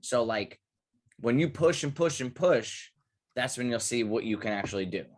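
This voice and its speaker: A young man co-hosting a podcast, talking casually and rambling through profane, animated stories. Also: mid-range voice, moderate pace. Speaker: podcast co-host. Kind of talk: casual chat.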